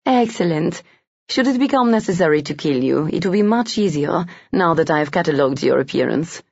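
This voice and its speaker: A sly young Frenchwoman purrs every line with a French accent, charming and dangerous at once, as a male narrator puts her on. The voice is gravelly and husky, set in a dry, muffled lo-fi recording. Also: a little high, animated, a little fast, darkish tone, no room sound. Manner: purring, sweetly menacing. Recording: dull lo-fi dry audio.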